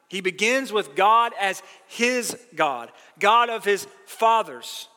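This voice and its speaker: A high, bright male voice preaches a sermon with earnest emphasis, rising as he quotes scripture. His words ring out with a long reverb that suggests a church sanctuary. He keeps a steady teaching pace. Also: takes it slowly, hardly any pauses. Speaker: pastor.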